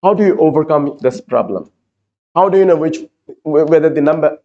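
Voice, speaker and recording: A man's voice: on the high side, fairly quick, dark tone, lo-fi sound. A man teaching an exam-prep class, repeating key words and explaining step by step. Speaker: IELTS teacher. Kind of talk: classroom lecture.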